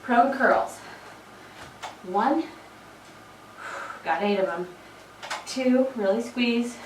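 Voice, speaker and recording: A woman's voice: on the high side, very slow, slight background noise. Chatty fitness instructor woman counting reps. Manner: encouraging, chatty asides between counted reps. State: frog in her throat. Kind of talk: workout instruction with rep counting. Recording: echoey room, mic far off.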